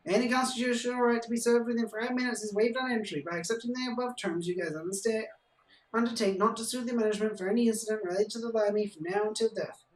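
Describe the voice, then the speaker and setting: Man doing a chirpy, loud barman. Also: sits high, fairly even intonation, fast talker, reverberant, recorded from a distance, pitched above the performer's own voice, natural voice, rough recording. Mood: cheery. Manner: loud, chirpy, rattles off legalese. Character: chirpy male barman, overly formal.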